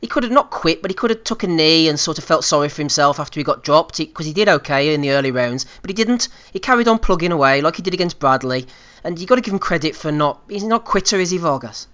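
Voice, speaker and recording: A man's voice: a little high, expressive, fast talker, bright, forceful tone. A man hosting a casual podcast, chatty and teasing as he greets listeners and moves the talk along. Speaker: podcast host. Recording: muffled online call audio.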